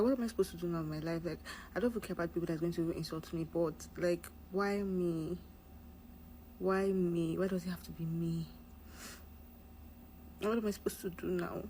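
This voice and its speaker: A young exam candidate speaking in a confessional vlog, hurt and despairing over a low score. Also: a little mellow, slight background noise, rough recording. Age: young adult.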